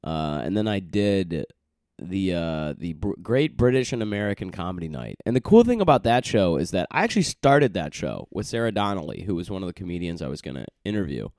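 A man's voice: low voice, very animated, brisk, a little mellow, no echo, clean studio sound. A man hosting his own podcast, rambling in a loose, chatty way with plenty of fillers and restarts. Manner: loose and chatty, with many fillers and self-corrections. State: recovering from a cold and jet lag. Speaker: podcast host. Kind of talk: casual rambling monologue.

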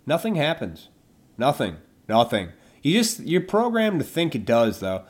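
A male podcast host, speaking at medium pitch with huge swings and a measured pace, delivers a solo rant. Profanity runs throughout as he mocks the people he imagines arguing with by acting them out.

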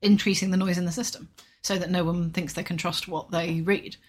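A woman co-hosting a podcast, reasoning through points in a measured, dry way. Her voice is low and slightly husky. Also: fairly even intonation. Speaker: podcast co-host. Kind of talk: casual podcast discussion.

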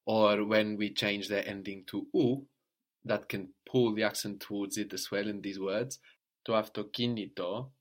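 Patient male language teacher, lowish voice. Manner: patient, explains step by step and prompts a student to answer. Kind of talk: spoken language lesson.

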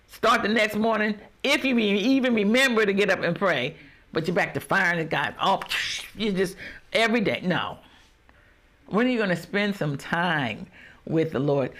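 High-voiced emphatic male preacher. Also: sharp tone. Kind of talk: sermon.

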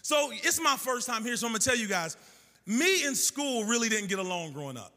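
A man with a high, very bright voice preaches in a musical, sing-song cadence. He slips into the voices of the people in his stories as he goes. The sound carries a long reverb, as in a large church hall. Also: very animated, fairly quick. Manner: storytelling with acted-out dialogue. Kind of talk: sermon.

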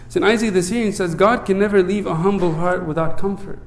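High-voiced priest in an echoey room. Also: male voice, a little fast. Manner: earnest, asks many rhetorical "right?" checks; drops low and soft when reciting the prayer. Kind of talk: sermon.

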